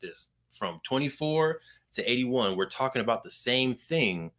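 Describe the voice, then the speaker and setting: Male podcast host, young adult, animated storyteller, brassy timbre. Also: medium pitch, unhurried. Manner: animated storytelling, acts out quoted people. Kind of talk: casual podcast chat.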